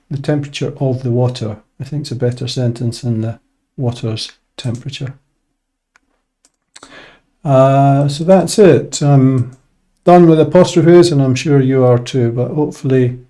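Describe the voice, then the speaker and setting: Male English teacher, unhurried explainer, warm dark tone, filler-heavy delivery. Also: medium pitch. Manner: relaxed, thinking aloud with many fillers. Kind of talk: casual explanatory lesson.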